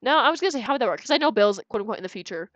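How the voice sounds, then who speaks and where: A woman's voice: a little high, lively intonation, very fast, fairly bright tone, dry recording, lo-fi sound. A young woman streaming a video game, chatting casually and giggling while she plays and talks to her chat. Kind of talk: casual gameplay commentary. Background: faint game music.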